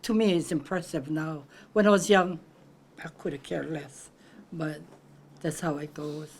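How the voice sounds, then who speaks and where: A woman's voice: deep voice, fairly even intonation, unhurried, a little mellow, a little hiss or hum. An older woman from Hawaii with a Hawaiian Pidgin-tinged accent, reminiscing about her grandparents in a rambling way and searching for words. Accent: Hawaiian Pidgin-tinged English. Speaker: granddaughter sharing memories. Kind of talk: conversational reminiscing.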